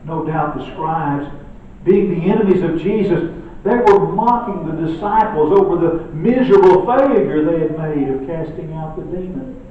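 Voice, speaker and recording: A man preaching a sermon, swinging between loud emphatic lines and hushed quiet ones. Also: on the high side, expressive, moderate pace, a little hiss or hum. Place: church sanctuary. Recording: echoey church room from far off, dull.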